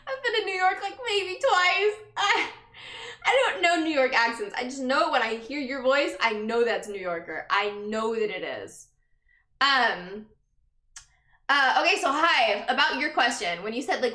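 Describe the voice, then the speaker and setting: Bright, high-voiced young woman streamer. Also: normal speed. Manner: chatty, laughs often, greets viewers upbeat. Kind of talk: casual chat with viewers. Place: empty room, indoors. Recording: echoey empty room.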